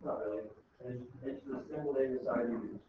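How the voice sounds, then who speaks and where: A man teaching a high school math class, explaining step by step in an informal way and often checking in with "okay?". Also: steady tone, brisk, a little hiss or hum. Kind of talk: classroom lecture. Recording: echoey room, tinny far-off mic.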